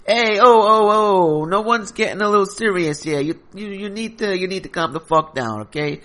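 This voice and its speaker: A man voicing a loud, foul-mouthed, violent male mobster who swears constantly and talks pushy and brash. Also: high-pitched, normal speed, pitched above the performer's own voice. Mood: brash, aggressive.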